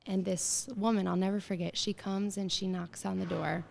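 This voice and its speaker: A woman of about thirty speaks as an interview guest, her voice sitting at an ordinary pitch with a gravelly fry running through it. She tells her story in an animated way, acting out quoted lines and scattering filler words through her speech. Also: moderate pace, slight background noise. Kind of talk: casual interview conversation.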